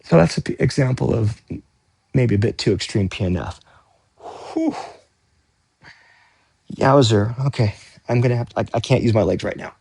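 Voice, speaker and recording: A vlogger doing stretching exercises chats casually, rambling and correcting himself, slightly winded and letting out breathy exclamations. His voice is medium-pitched and a little mellow, with lively intonation, a moderate pace and long pauses.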